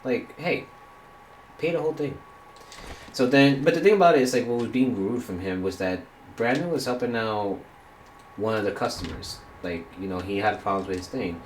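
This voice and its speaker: A man's voice: lowish voice, animated, fairly quick, roomy sound, slight background noise. A man streaming a game while telling a rambling story, quoting people and swearing casually.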